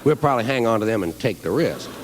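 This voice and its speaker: A man's voice: on the low side, fast talker, in a large hall. Guy doing standup, mocking and swearing a lot, voice jumps all over, bit of hiss. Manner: mocking, profane, animated delivery. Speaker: stand-up comedian. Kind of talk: stand-up comedy routine.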